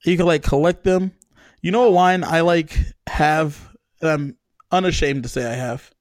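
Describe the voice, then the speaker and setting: A man's voice: on the high side, moderate pace, dry recording, studio quality. A man from California co-hosting a casual chat, easygoing and curious, with lots of fillers.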